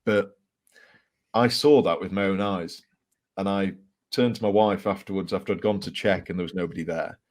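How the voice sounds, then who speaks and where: Deep-voiced man telling ghost stories. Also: normal speed. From England. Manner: animated storyteller with fillers and laughs. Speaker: author guest. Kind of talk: casual storytelling interview.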